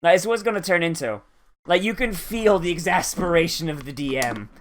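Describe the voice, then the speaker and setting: An anime reviewer talks through an episode in loose, profane, rambling commentary. The delivery is animated and full of asides. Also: medium pitch, brisk, slight background noise. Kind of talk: casual reaction commentary.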